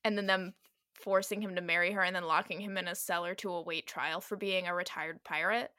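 A woman co-hosting a podcast, recapping a book in casual chat with animated, laughing asides. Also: fairly low pitch, brisk, dry recording, studio quality. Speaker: podcast co-host.

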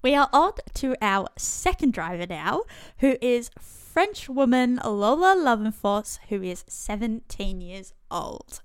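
A woman's voice: on the high side, big pitch swings, slow, few pauses, smooth, no room sound, clean studio sound. A woman with an Australian accent co-hosting a casual podcast, reading out facts and giggling as she apologizes for mispronouncing names. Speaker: podcast co-host. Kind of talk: casual chat.

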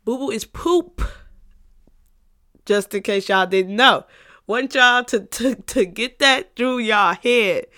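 A woman's voice: a little high, slow, pushed and bright. Emphatic, repetitive woman podcaster. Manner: emphatic and repetitive, with frequent profanity; playful, breaks into laughter. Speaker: podcast host. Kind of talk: casual solo podcast monologue.

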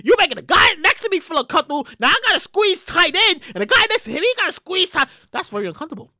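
A man hosting a solo podcast, talking loudly and animatedly with plenty of profanity. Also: very high voice, very fast, no room sound, clean studio sound. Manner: loud, animated, profane ranting. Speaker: podcast host. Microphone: studio microphone.

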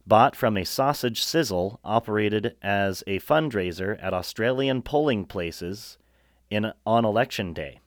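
A man's voice: fairly low pitch, animated, unhurried, no room sound, clean studio sound. A man from the United States co-hosting a podcast, reading facts aloud in a casual chat, stumbling over words and laughing often. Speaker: podcast co-host.

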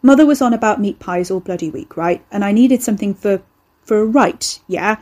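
A woman's voice: medium pitch, brisk, darkish tone, close to an everyday voice. A woman voicing a cocky young man who is an eldritch horror in human form, talking in a casual, slangy, offhand way. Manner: casual, slangy, chatty, unbothered.

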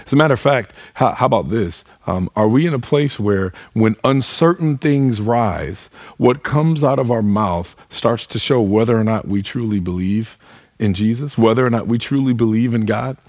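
Husky-voiced man preaching a sermon. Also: medium pitch, moderate pace, a little mellow, no echo. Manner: earnest, asks the listeners direct questions; speaks to the congregation as "y'all". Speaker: pastor.

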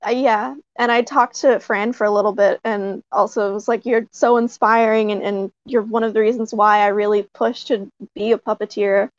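Woman, puppeteer, casual storytelling, excited, laughs often, lots of fillers, dry slightly muffled recording. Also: mid-range voice, normal speed, few pauses, no echo.

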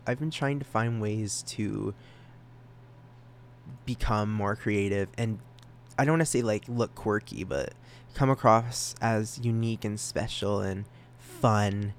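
Teen guy rambling on his podcast, giggly, goofy squeaky bits, faint hum behind. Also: takes it slowly. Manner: giggly, self-deprecating, jumps into sudden high silly voices. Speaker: podcast host.

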